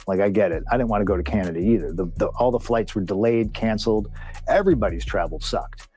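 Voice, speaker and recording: A man's voice: on the low side, expressive, fast talker, a little mellow, soft background music. A man being interviewed, retelling a backstage clash in a blunt, profane, heated way. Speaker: interview guest. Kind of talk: casual storytelling in an interview.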